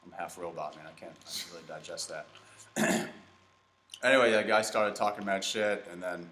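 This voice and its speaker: A man hosts a comedy podcast, chatting casually as he plays a video game and telling rambling stories full of fillers and restarts. His low voice is bright and forceful, with a level tone and moderate pace. The room is echoey.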